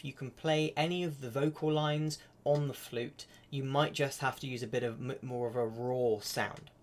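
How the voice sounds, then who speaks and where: A man's voice: medium pitch, a little hiss or hum. Chatty man teaching flute. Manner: casual, chatty, with many fillers. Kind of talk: live-streamed music lesson.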